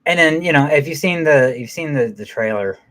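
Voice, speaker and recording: A man's voice: a little high, animated, brisk, a bit bright. A man giving a casual, profanity-heavy movie recap in a rambling way, with many fillers and restarts. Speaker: movie reviewer.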